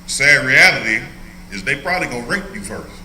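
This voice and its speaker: A man's voice: mid-range voice, big pitch swings, a little fast, pushed and bright, echoey room, slight background noise, low-quality recording. An older man leading an informal Bible study as a pastor, joking and laughing often as he teaches. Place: church hall.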